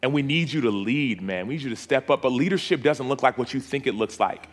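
A man's voice: mid-range voice, expressive, fast talker. A man preaching an altar call in a church auditorium, with a repetitive, pleading cadence.

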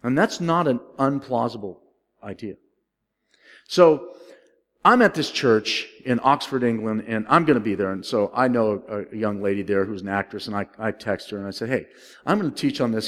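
Animated male preacher in a reverberant hall. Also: medium pitch, a little fast. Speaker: pastor. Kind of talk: sermon with storytelling.

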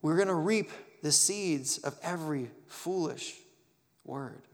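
A man preaching a sermon to young people, animated, acting out the voices he quotes. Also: on the high side, takes it slowly. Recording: long hall reverb.

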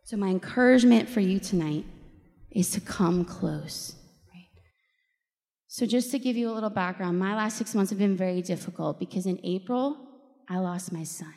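A woman's voice: mid-range voice, fairly quick. Woman speaker giving a faith talk in a big reverby hall, candid and emotional, laughs a lot. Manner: candid and emotional, laughs often, quotes people in lively voices. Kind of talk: personal faith talk to a live group.

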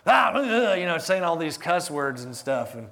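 A man preaching a sermon as pastor, animated, swinging between loud emphatic lines and hushed ones, laughing through his stories. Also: on the high side, normal speed, slight background noise.

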